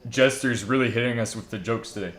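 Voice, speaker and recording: A man's voice: mid-range voice, fast, a bit bright. A man casually chatting on a live stream, joking around and reading viewer comments aloud while he builds a server. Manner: joking, rambling, reads chat aloud.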